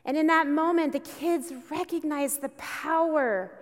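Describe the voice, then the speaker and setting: Woman pastor, slightly high voice, casual storytelling sermon; long hall reverb. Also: unhurried. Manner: conversational storytelling, with emphatic bursts.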